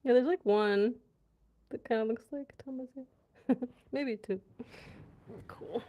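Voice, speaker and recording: A woman chats through a casual livestream, laughing as she reads out comments and drifts between topics. Her voice sits a little high, and she takes her time with every phrase. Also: slow pace, phone-quality sound. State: wheezing at times. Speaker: livestream host.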